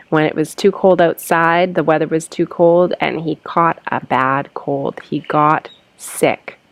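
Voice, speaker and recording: A woman teaching an English lesson, reading example sentences slowly for learners to repeat and then explaining them. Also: low-pitched, dry recording.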